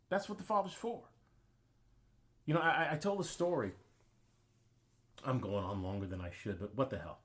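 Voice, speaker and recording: Guy on his channel ranting, emphatic and preachy, voice jumps up and down a lot. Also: medium pitch. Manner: emphatic, preachy, with personal anecdotes. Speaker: channel host. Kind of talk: opinionated commentary monologue.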